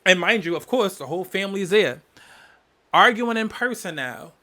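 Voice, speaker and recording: Forceful, emphatic man telling his story. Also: high voice, lively intonation, moderate pace. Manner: emphatic, repeats phrases for weight, heavy swearing. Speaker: podcast host. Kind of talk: candid storytelling monologue.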